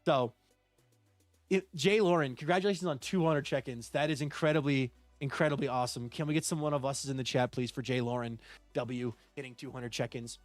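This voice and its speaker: A man's voice: medium pitch, fairly even intonation, fairly quick, no room sound, soft background music. A man streaming a building game live, chatting casually and reading out and thanking viewers by name. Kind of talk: live gameplay stream chat.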